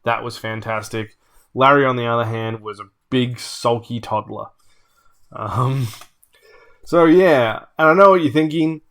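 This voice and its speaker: A man's voice: medium pitch, unhurried. Man telling a gaming story. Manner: animated, laughing asides. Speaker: tabletop channel host. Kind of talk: casual storytelling.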